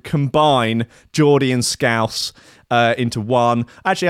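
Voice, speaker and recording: A young adult man from England gives casual, sarcastic commentary as he reads out a list, swearing and laughing at his own jokes. His voice is medium-pitched, and the clean studio recording has no room sound.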